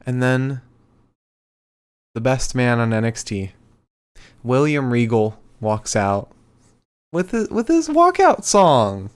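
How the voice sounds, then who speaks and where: A man with a smooth, resonant voice talks through a recap in relaxed podcast chat. He rambles, leaning on frequent ums between thoughts. His pitch sits at an ordinary middle level. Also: slow pace, pauses often. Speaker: podcast co-host.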